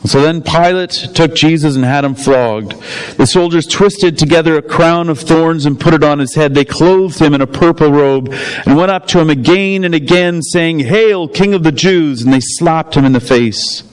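A man's voice: fairly high pitch, moderate pace, smooth, poor audio. Man reading scripture aloud. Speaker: scripture reader. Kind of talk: Bible reading.

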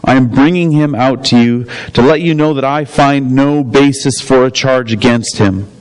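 A man's voice: mid-range voice, normal speed, clean tone, lightly acted, low-quality recording. Guy reading roman governor asking questions, plain mid voice, bible reading. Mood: questioning.

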